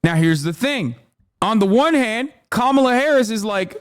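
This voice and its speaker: A man in his thirties doing casual political commentary on a stream, profane and animated, mocking people in quick put-on quotes. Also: high-pitched, smooth, dry recording, studio quality.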